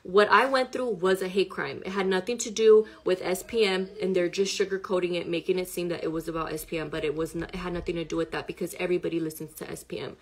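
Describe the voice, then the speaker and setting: A woman's voice: lowish voice, fairly even intonation, quick pace, few pauses. A shaken, upset woman telling a personal story to camera in a rambling way, full of "like" and swearing. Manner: rambling, heavy use of "like" and profanity, agitated.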